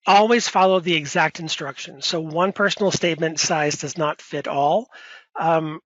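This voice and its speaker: A man's voice: on the high side, normal speed, a bit bright, no echo, dull audio. A man, a professor, answering audience questions in a webinar in a conversational way, with many fillers and self-corrections. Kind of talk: webinar Q&A advice.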